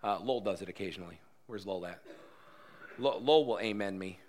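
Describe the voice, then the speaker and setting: A man preaching a sermon in church, earnest and repeating his key phrases, growing loud and lively when he jokes with the congregation. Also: low voice, quick pace. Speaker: pastor.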